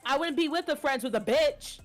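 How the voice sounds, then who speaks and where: A woman co-hosting a casual stream chat, blunt and animated, swearing freely. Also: high voice, brisk, faint music behind. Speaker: co-host streamer.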